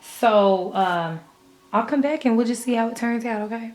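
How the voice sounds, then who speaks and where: A woman's voice: fairly high pitch, normal speed, darkish tone, slight background noise. A young woman vlogging casually from her bedroom, chatty, swearing freely and laughing between thoughts. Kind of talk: casual vlog.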